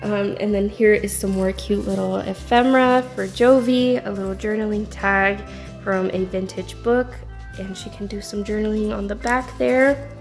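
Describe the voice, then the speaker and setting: A woman's voice: mid-range voice, steady tone, normal speed, faint music behind. A woman casually chatting through a craft journal flip-through, bubbly and often laughing as she tells a little story. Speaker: craft video creator.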